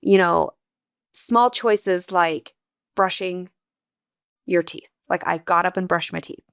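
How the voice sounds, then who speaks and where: A woman's voice: lowish voice, slow pace, creaky, fairly bright tone, clean tone, dry recording, studio quality. A woman guest on an interview podcast, earnestly and candidly telling a personal story in a reflective, emotional way.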